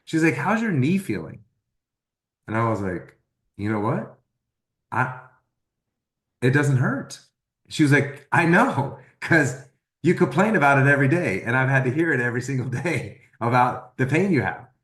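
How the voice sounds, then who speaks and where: A man telling a personal testimonial story, acting out the dialogue he quotes in an animated way. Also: mid-range voice, normal speed, echoey room. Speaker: testimonial speaker.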